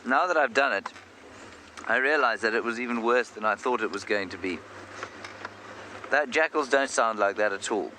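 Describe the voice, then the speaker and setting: A man's voice: medium pitch, moderate pace, long pauses, sharp tone. A man working as a safari guide, giving chatty, self-deprecating commentary on a live game drive from an open vehicle outdoors. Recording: outdoor noise from a moving vehicle.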